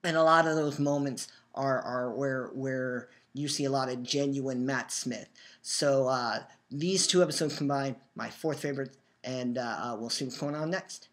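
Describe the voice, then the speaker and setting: A man's voice: medium pitch, moderate pace, a bit bright. A young man hosting a fan show, talking earnestly in a rambling way and restarting his sentences often. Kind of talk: casual fan commentary. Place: new home, just moved in.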